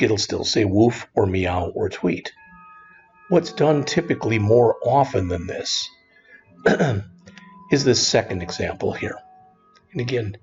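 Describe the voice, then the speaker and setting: A man teaching a screen-recorded programming lesson in a relaxed, conversational way, often saying "all right". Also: fairly low pitch, muffled recording. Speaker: programming instructor.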